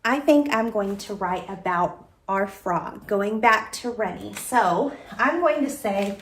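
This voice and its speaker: A woman teacher giving a recorded lesson, speaking slowly and deliberately and dictating sentences word by word. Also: mid-range voice, expressive.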